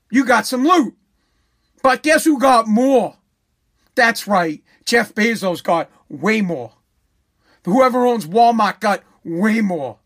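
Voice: high-pitched, fairly bright tone. A vlogger delivering a profane, sarcastic rant to viewers, scolding them and repeating lines for emphasis. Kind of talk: ranting monologue to viewers.

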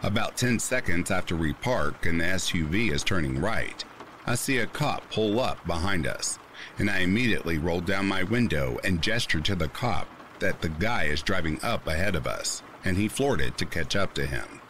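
Deep-voiced man narrating horror stories. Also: lively intonation, normal speed, fairly bright tone, slight background noise. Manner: reads a first-person account with rising tension. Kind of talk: scripted narration. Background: faint rain sounds.

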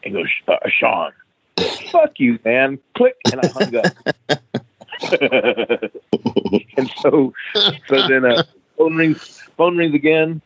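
A middle-aged wrestling trainer, appearing as a guest on an interview show, tells a profane, animated story and performs the quoted dialogue himself. His medium-pitched voice moves slowly with frequent pauses, heard over a tinny, phone-like line.

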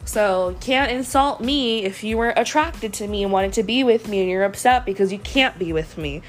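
A woman's voice: medium pitch, normal speed. Chatty woman with a frog in her throat. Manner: chatty, frank, with frequent fillers. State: slightly sick, frog in throat, coughing. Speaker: vlogger. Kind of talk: casual storytime chat.

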